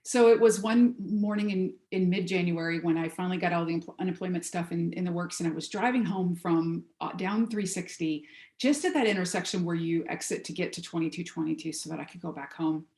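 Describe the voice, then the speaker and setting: A woman giving a heartfelt spiritual talk over a video call, telling a story gently before leading a meditation. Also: lowish voice, fairly quick, reverberant. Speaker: guest speaker.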